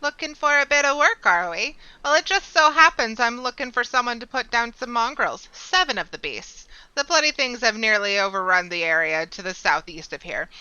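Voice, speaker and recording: A woman's voice: a little high, expressive, normal speed, hardly any pauses, bright, forceful tone, clear, resonant tone, no echo, lo-fi sound. A woman voicing a brusque woman who hires hunters in a game, with blunt, hearty, old-fashioned speech.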